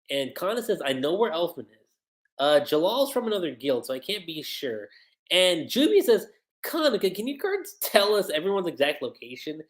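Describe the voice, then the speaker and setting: An animated anime reviewer talks through an episode recap on a livestream, keeping it casual. The voice sits in a middle register but swings widely and expressively in pitch. Character lines are read aloud in between offhand asides. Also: unhurried.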